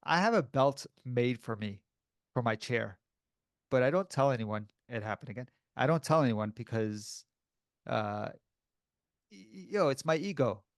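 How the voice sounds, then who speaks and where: A man's voice: mid-range voice, animated, measured pace, dry recording, studio quality. A man co-hosting a podcast, telling funny stories in a casual chat, laughing often and acting out other people's voices. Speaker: podcast co-host.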